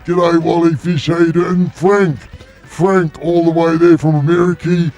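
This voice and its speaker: An Australian man hosting a live stream, shouting greetings and thanking viewers with exuberant energy. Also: a little high, little pitch movement, moderate pace. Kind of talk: excited live stream chat. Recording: music playing behind.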